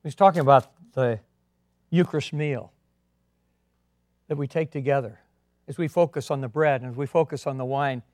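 A man preaching a sermon as a pastor, earnest, swinging between emphatic and quiet delivery. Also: mid-range voice, moderate pace, long pauses, no echo, clean studio sound.

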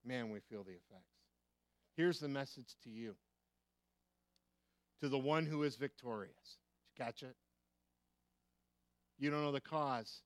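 Smooth-voiced American preacher man. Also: mid-range voice, a little slow, pauses often, dry recording. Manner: emphatic, repeats key phrases, asks rhetorical questions. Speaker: pastor. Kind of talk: sermon.

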